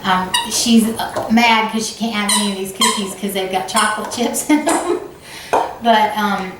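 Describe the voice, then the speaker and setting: In her home kitchen, a Southern US woman hosts a casual cooking vlog, chatting away and laughing at her own slip-ups. Her mid-range voice is level and moderately paced. A distant camera mic picks up an echoey kitchen and background noise.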